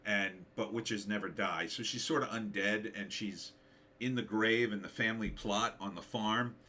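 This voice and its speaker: A middle-aged man, slightly hoarse, hosting a casual livestream, thinking aloud and reading out viewer comments with hums and fillers. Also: lowish voice, normal speed, sharp tone. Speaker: livestream host, author.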